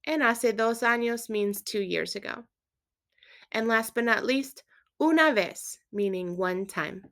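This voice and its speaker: A woman's voice: fairly high pitch, a little slow, a bit bright. Patient woman teaching a Spanish lesson. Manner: clear, patient instruction with quiz prompts. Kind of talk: scripted language lesson.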